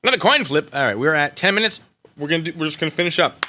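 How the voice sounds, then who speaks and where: Lively, animated American man streaming. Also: on the high side, racing, a little hiss or hum. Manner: animated, jokey, swings between loud and mumbled asides. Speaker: live stream host. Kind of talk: casual live stream chat.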